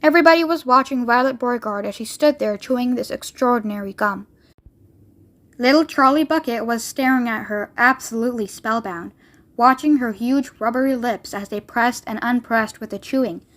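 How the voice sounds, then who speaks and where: A woman reading a children's novel aloud in a high voice. Her narration is clear and steady. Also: normal speed. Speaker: storybook reader.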